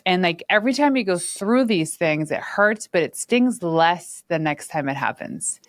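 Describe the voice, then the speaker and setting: Woman, podcast host, conversational storyteller, lively, somewhat low voice. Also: normal speed, dry recording, studio quality. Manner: lively anecdote-telling with laughs.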